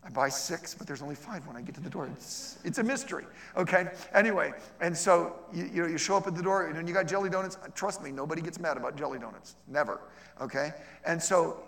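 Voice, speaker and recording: A man's voice: a little high, fast, creaky, fairly bright tone. A man teaching a class in a chatty, humorous way, acting out little dialogues with people. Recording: echoey hall.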